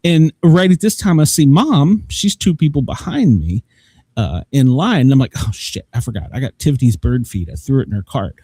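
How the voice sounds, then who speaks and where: Husky man telling a rambling story. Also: mid-range voice, big pitch swings, normal speed, warm tone. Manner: rambling, laughs often, swears; acts out both sides of conversations. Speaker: live show host. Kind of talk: casual storytelling.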